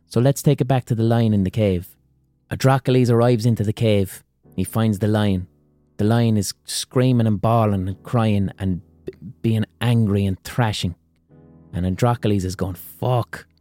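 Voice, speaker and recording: A man hosts a casual psychology podcast, telling a fable in frank talk full of swearing. His voice is low-key and mellow, recorded dry and close. Faint music plays underneath. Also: no room sound. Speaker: podcast host.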